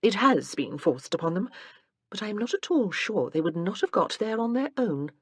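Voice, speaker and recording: A woman voicing a thoughtful, gently wry young gentlewoman in an audiobook. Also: medium pitch, big pitch swings, moderate pace, slightly rough, dry recording, pitched above the performer's own voice.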